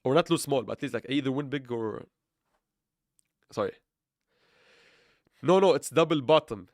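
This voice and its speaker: A man livestreams his crypto trades in a mid-range voice at a moderate pace, recorded dry with studio quality. He rambles and corrects himself, laughing often and adding playful sarcasm as he chats through the stream.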